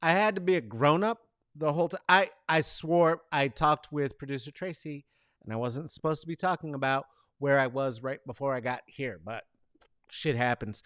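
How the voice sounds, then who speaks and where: A man's voice: a little high, normal speed, clean tone, no echo, studio quality. A man hosting a casual comedic monologue, rambling and swearing through mock boos and cheers; he has lived in the Bay Area for decades. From San Francisco Bay Area. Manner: swearing, rambling, animated rants with mock booing. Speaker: host.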